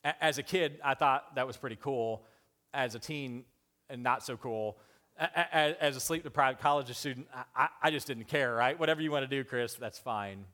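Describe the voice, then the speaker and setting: A man in his thirties preaching a sermon. He swings from loud, excited appeals to hushed, emotional storytelling, with halting restarts along the way. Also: mid-range voice. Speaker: pastor.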